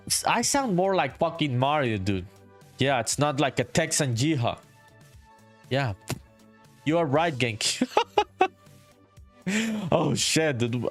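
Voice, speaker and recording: A man's clear, resonant mid-range voice carries his casual live-stream chat as he develops an indie game. Laid-back and quick to swear, he reads viewer comments aloud and calls everyone "dude."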